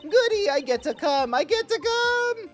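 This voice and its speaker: A man voicing an excitable little girl in a squeaky, chirpy way, reading game dialogue. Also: a little slow, faint music behind, heavily acted.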